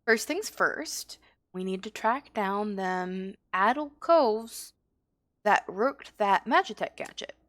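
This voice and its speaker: A woman's voice: medium pitch, lively intonation, takes it slowly, a bit bright. A woman voicing a sly male rogue guild master, reading his slang-heavy lines aloud. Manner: reads the lines aloud in rough old slang.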